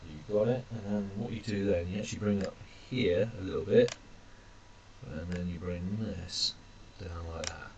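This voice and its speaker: Man, language teacher, chatty, low voice, faint background noise. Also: moderate pace. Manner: chatty, self-deprecating, addresses "ladies and gentlemen". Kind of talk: screencast lesson, drawing characters.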